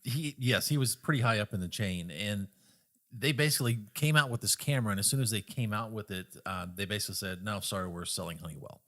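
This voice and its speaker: A man guesting on a casual chat, telling a story in a relaxed, hesitant way. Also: lowish voice, fast. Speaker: guest from a camera dealer.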